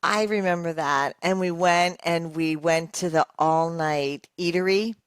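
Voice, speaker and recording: A woman's voice: on the low side, measured pace, clear, resonant tone, dry recording, studio quality. A woman co-hosting a talk show, chatting casually and joining in a shared story. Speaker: co-host. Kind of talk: casual chat.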